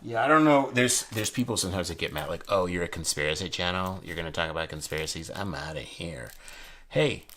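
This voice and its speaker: A man's voice: deep voice, a bit bright, breathy edge. A man casually reviewing playing cards, rambling and chatty, with lots of fillers and asides.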